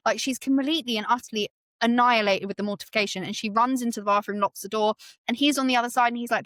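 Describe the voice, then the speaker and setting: A woman co-hosting a podcast, retelling book scenes in an animated way and acting out the characters' lines. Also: fairly high pitch, quick pace, no echo. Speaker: podcast co-host. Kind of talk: book recap discussion.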